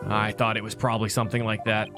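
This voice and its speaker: A man's voice: on the low side, flat delivery, quick pace, lightly acted. A man voicing an earnest young male defense lawyer in a mystery game, in a mock-serious tone over background music.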